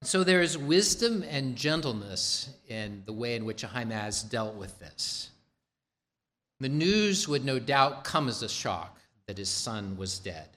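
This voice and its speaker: A man preaching a sermon, retelling a scripture story in a measured way and voicing the quoted characters' lines himself. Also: medium pitch, animated, a bit bright.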